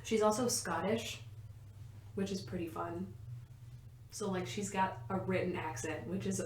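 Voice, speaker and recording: A woman's voice: on the low side, fairly even intonation, measured pace, a little mellow, a little hiss or hum. A woman co-hosting a podcast in casual chat, explaining at length with lots of "like" and frequent laughs. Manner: chatty, laughs often, fills with "like". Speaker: podcast co-host, quizmaster. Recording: roomy echo.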